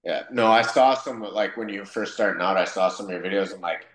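A man's voice: low-pitched, fast talker. A man from Wisconsin, a podcast guest, telling casual stories and acting out the quoted dialogue. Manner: animated, acts out quoted dialogue. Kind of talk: casual storytelling in conversation. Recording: roomy echo.

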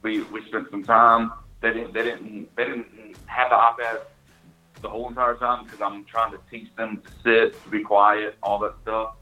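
A man's voice: on the low side, little pitch movement, moderate pace, sharp tone. A man, casually telling a hunting story, full of restarts and "you know"s. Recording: tinny phone-like line.

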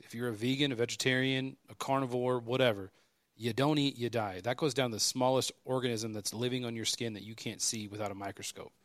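A man's voice: medium pitch, no room sound. A man on a podcast telling stories casually and animatedly, acting out the people in them. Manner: animated, acts out dialogue in quick bursts. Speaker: podcast guest. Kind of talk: casual storytelling.

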